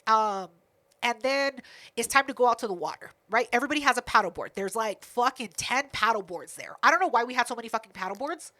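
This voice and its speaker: A woman's voice: a little high, lively intonation, quick pace, bright, forceful tone. A woman co-hosting a podcast, telling a family story in casual, profane chat. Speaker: podcast co-host.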